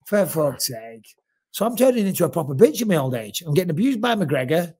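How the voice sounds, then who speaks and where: A man with a fairly high voice chats casually on a podcast. He swears and makes fun of himself as he talks. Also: very animated, fairly quick, darkish tone, husky. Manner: profane, self-mocking chatter. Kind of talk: casual chat.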